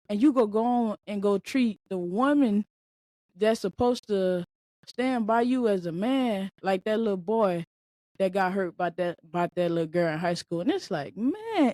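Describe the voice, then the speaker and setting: A woman hosting a podcast in a casual, slangy monologue, talking in an animated way and laughing often. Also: medium pitch, no echo. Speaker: podcast host.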